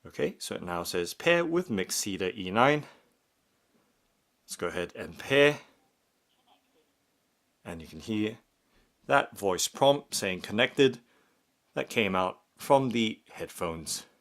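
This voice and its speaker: A man narrating an unboxing and demonstration step by step, in a slow and methodical way. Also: on the low side, lively intonation, a bit bright. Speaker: product reviewer.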